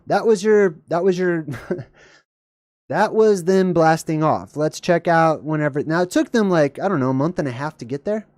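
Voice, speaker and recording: A man's voice: dry recording, clean studio sound. Jokey man riffing over a video. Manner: animated, jokey, voice jumps high when excited. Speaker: video host. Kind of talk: casual reaction commentary.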